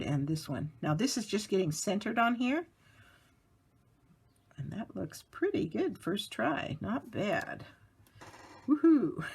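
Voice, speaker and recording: A woman's voice: fairly low pitch, husky. A woman giving a casual card-making tutorial, chatty and laughing lightly as she narrates each step at her work table.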